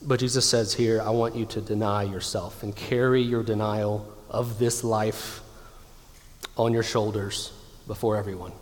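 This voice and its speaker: A man in his thirties preaching a sermon with emphatic delivery, slowing down to stress key lines. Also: fairly low pitch, little pitch movement. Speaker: pastor. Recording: long hall reverb.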